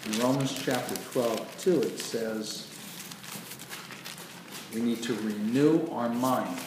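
A man preaching a sermon with emphatic delivery, swinging from quiet passages to loud bursts. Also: mid-range voice, slow. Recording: echoey hall from far off with noise.

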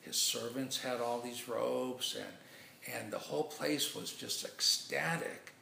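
Man, preacher, gravelly voice, echoey room, faint noise, rambling storytelling. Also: mid-range voice, fairly even intonation, takes it slowly, sharp tone. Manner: rambling, with many restarts. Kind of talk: storytelling sermon illustration.

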